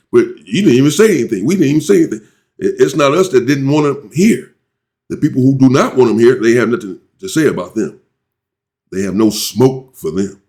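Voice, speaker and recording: A man delivers heated, indignant commentary to his viewers. His voice sits in an ordinary middle range but leaps upward whenever his anger builds. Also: darkish tone. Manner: indignant, rising sharply in pitch when worked up. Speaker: commentary channel host.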